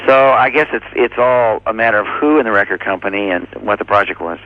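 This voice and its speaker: A man being interviewed as a drummer, speaking in an easygoing, halting way with lots of fillers. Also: fairly low pitch, fairly even intonation, narrow, tinny audio. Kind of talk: casual interview answers.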